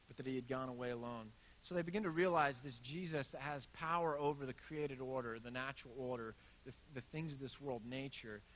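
A man preaching a sermon with a fairly high voice and easy, conversational delivery. He reads scripture aloud and animates the crowd's reactions in everyday speech. The recording sounds dull and lo-fi. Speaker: pastor.

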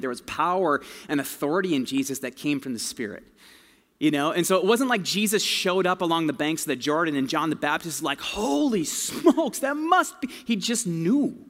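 A man's voice: fairly high pitch, a bit bright. A man preaching a sermon in a casual, conversational storytelling way, full of slang. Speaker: pastor. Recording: long hall reverb.

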